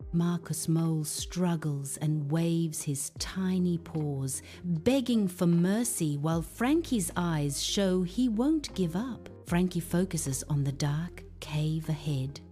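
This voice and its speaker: A woman narrating a children's Bible story, reading aloud expressively. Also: low voice. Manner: expressive, animated read-aloud. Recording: faint background music.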